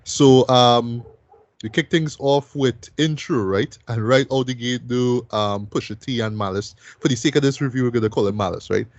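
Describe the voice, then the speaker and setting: A man's voice: mid-range voice, moderate pace, no echo, muffled recording. A man hosting a music review show, talking loosely and casually and ending most sentences with "right?".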